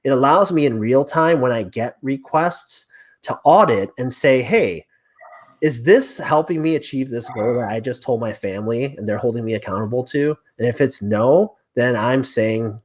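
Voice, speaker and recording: A man in his thirties, a real estate agent as a podcast guest, telling a personal story in a lively, animated way and acting out the dialogue. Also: mid-range voice, normal speed. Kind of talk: conversational storytelling interview.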